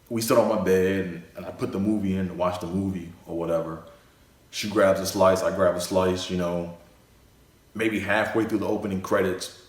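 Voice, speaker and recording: A young man telling a casual story, rambling and full of fillers. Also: deep voice. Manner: rambling, full of "you know" and "like". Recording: echoey room.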